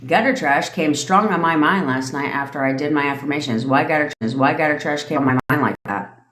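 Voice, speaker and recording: A middle-aged woman with a low voice coaches her listeners in a casual livestream rant. She is blunt and profane, swearing as she goes. Her voice rings in an echoey room. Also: fairly quick, fairly bright tone, slight background noise. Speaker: manifestation coach.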